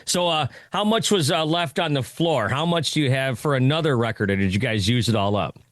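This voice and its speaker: A man from Ohio hosts a relaxed interview, firing off quick, chatty questions. His voice is mid-pitched and the recording is dry, with no room sound. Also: dry recording. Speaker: radio show host. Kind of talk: casual interview chat.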